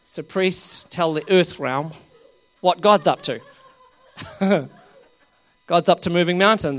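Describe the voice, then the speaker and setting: A man preaching at a revival meeting, laughing often as he coaxes the crowd and rises to loud bursts. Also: high voice, animated, normal speed, long pauses.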